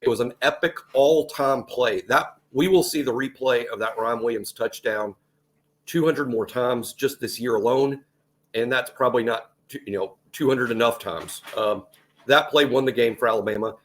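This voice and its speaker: A man's voice: mid-range voice, normal speed, fairly bright tone. A man co-hosting a sports podcast, steadily recapping the key plays of a game. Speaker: podcast co-host. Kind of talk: casual sports podcast analysis.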